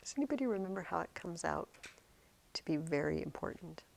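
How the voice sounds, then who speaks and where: Animated gravelly woman teaching a class. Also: lowish voice, fairly quick. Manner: animated, asks questions, acts out quotes. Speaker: high school English teacher. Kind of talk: classroom literature discussion.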